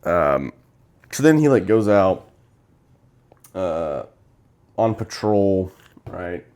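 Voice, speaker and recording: Co-hosting a laid-back film review podcast, this young man has a fairly low voice and tends to draw out his words. Recounting scenes with lots of energy, he keeps dropping into the characters' dialogue.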